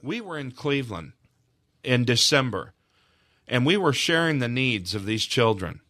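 A man's voice: mid-range voice, very animated, moderate pace, no room sound, studio quality. Earnest man telling a moving story. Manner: earnest, emotional storytelling that grows louder at key moments. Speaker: charity representative. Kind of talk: storytelling in a radio interview.

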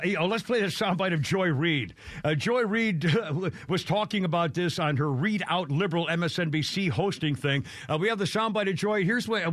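A man's voice: a little high, fairly bright tone, no room sound. A man hosting a talk radio show, ranting in anger with mild swearing, often breaking off and starting over. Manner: angry, swearing, trailing off and restarting. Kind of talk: heated talk radio rant.

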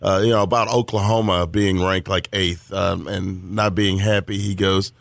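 A man's voice: sits low, steady tone, moderate pace, vocal fry, hardly any pauses, no room sound. A man co-hosting a sports podcast, giving blunt, dismissive opinions in casual talk. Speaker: podcast co-host.

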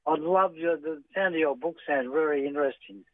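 A man calling in to a radio show, halting and searching for his words. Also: fairly high pitch, no room sound. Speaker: caller. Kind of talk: casual radio call-in chat. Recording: thin phone line.

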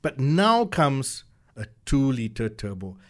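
A man chatting casually as a car reviewer, animated and often repeating words as he builds a point. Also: mid-range voice, slow. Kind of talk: casual chat.

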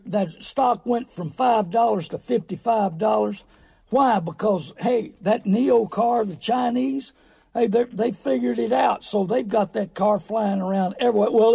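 A middle-aged man, hosting a radio talk show in a folksy, preachy way with sudden loud bursts. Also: sits high, vocal fry, breathy edge. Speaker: radio show host on car buying.

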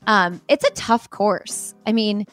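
A woman's voice: mid-range voice, animated, slow pace, fairly bright tone, soft background music. A woman guest on a podcast, chatting casually and laughing often, with many fillers. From United States. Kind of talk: casual interview chat.

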